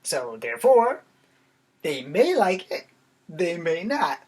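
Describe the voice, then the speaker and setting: Husky American man rambling to camera. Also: high voice, big pitch swings, takes it slowly, a little mellow. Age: 40s. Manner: rambling, self-deprecating. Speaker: vlogger. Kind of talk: casual monologue to camera.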